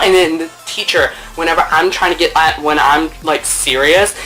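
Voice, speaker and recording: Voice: moderate pace, faint music behind. A young woman telling a casual story to camera at home, chatty and playful, acting out what people said with big jumps in her voice. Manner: animated, playful, acts out quotes with big pitch jumps; chatty with lots of fillers and swearing. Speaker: storytime vlogger. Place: at home, indoors.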